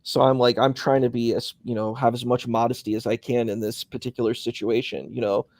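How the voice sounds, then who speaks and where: A man's voice: medium pitch, flat delivery, a little fast, a little mellow, no room sound. A man in casual conversation, rambling through a story with many fillers, speaking from a hospital.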